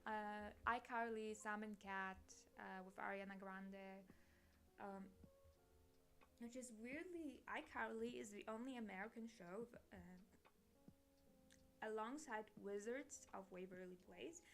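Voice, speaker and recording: A woman's voice: mid-range voice, a little slow, vocal fry. A young woman from Eastern Europe chatting casually while drawing on stream, rambling, correcting herself and laughing often. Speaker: art streamer.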